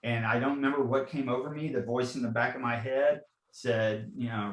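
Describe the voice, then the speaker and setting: A man's voice: medium pitch, steady tone, moderate pace, hardly any pauses, reverberant, poor audio. A man in his forties, a fire captain, earnestly telling personal stories in a podcast interview and often saying "you know". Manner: earnest, frequent "you know", repeats himself.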